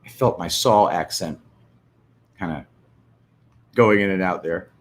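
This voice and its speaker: A man's voice: deep voice, measured pace. A man hosting a casual livestream, rambling and profane with many fillers and restarts, who also reads a listener's story aloud. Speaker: livestream host.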